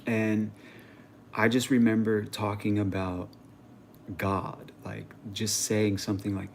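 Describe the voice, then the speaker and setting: Young male streamer, lower voice, casual and swearing, home setup with faint ambience. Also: normal speed, slight background noise. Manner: animated storyteller, slangy and swearing. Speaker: livestream host. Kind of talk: casual chat.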